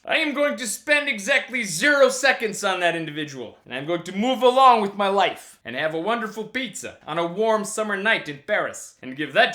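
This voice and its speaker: A man hosting a comedic vlog monologue, animated and theatrical, with plenty of profanity. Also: high-pitched. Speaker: vlog host.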